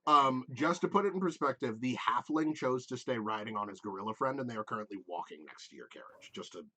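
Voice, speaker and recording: A man's voice: mid-range voice, animated, quick pace, sharp tone. Rambling man running a tabletop game. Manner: rambling, filler-heavy. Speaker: game master.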